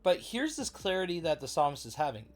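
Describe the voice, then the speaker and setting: A man hosting a casual livestream Bible study, chatty and excitable, breaking off to react to viewers. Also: fairly high pitch, fast, soft background music.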